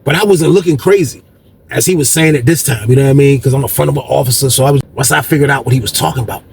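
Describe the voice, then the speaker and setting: A man casually telling a personal story to viewers, animated and slangy, often turning to them with "y'all". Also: mid-range voice, rapid-fire, vocal fry, a little hiss or hum.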